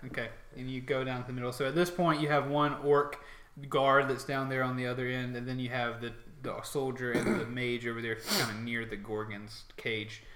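A man's voice: mid-range voice, flat delivery, a little fast, a bit bright, slight background noise. A man narrating as game master in a tabletop game, hesitant and full of fillers. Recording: echoey room.

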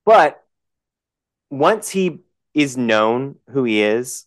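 Lively-voiced man, chatty film talk. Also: medium pitch, drawn-out words. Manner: chatty, questioning. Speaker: podcast co-host. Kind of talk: casual film discussion.

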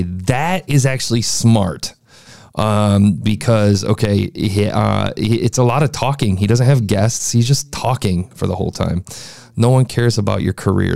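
A young man talks through a podcast review in a loose, chatty way, often restarting his sentences. His voice is gravelly and dark. The sound is dry and close. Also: on the low side, dry recording. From United States. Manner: chatty, frequent restarts and fillers. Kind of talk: casual critique commentary.

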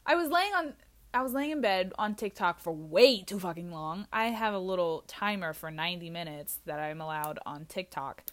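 A young woman vlogging in a rambling, scattered way, goofy and self-mocking, with sudden loud outbursts. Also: fairly low pitch, moderate pace. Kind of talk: rambling casual monologue.

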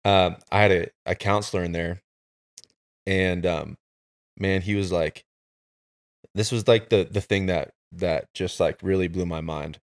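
A man with a notably low, deep voice shares a personal story on a podcast. He talks in a candid, reflective way, with loose and unpolished phrasing. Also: steady tone, measured pace, pauses often. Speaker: podcast host. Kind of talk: casual conversation.

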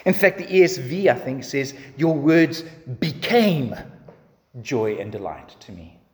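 A man's voice: mid-range voice, sing-song, measured pace, a little mellow. Man preaching in a reverberant hall. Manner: repetitive, building cadence. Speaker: pastor. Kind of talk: sermon with closing prayer.

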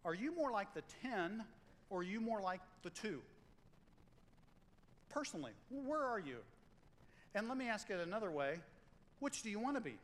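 A man preaching a sermon as pastor, in a conversational, animated way, acting out quotes and stories. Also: high-pitched, normal speed, long pauses, long reverb tail, rough recording.

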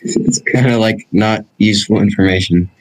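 A man's voice: fairly low pitch, steady tone, normal speed, poor audio. A young man co-hosting a casual podcast with friends, joking and laughing a lot. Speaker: podcast co-host. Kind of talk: casual chat.

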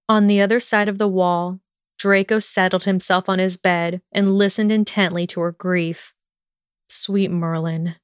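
A woman narrating a story in a steady, even storytelling manner. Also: lowish voice, clear, resonant tone, no echo, clean studio sound. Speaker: audiobook narrator. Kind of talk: scripted narration of fan fiction.

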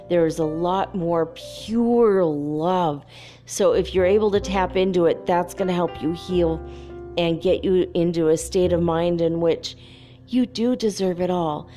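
A woman's voice: on the low side, dark tone. A woman giving a casual, chatty spiritual channeling talk, often giggling as she relays messages aloud.

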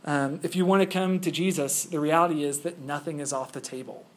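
A man's voice: on the high side, fairly even intonation, brisk. A male pastor preaching a sermon in a conversational way, full of rhetorical questions.

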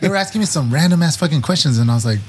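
Quick talking guy rambling about his feelings, swears a lot, faint guitar in back. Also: a little high, animated. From Mexican-American. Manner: rambling, self-deprecating, profane. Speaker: podcast co-host. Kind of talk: casual chat. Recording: faint guitar music behind.

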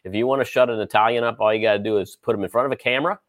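A man's voice: mid-range voice, steady tone, rapid-fire, no echo. A man hosting a casual trading show, talking through stocks in a rambling way with many fillers and sports analogies. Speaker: host. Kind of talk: casual market commentary.

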